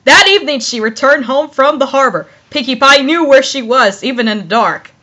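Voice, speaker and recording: A woman's voice: high-pitched, lively intonation, normal speed, bright, forceful tone, highs cut off. A young woman reading fanfiction aloud in a casual, rambling way, with lots of fillers and giggles between lines. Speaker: fanfiction reader.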